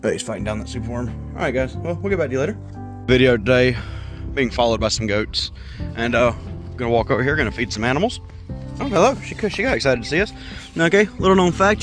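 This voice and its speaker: A male pet breeder records a casual vlog with a camera mic, talking fast and rambling between explanations. He keeps breaking off to chat to his animals, with faint music under his voice. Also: mid-range voice. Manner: chatty, rambling, talks to his animals, frequent fillers. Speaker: exotic pet breeder and vlogger. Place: outdoors in a yard with animal pens, partly indoors at reptile tanks.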